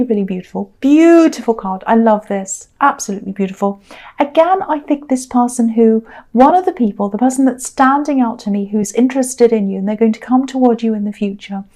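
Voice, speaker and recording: A woman's voice: on the high side, mellow. A middle-aged woman giving a casual, meandering tarot reading in a chatty, reassuring manner. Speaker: tarot reader.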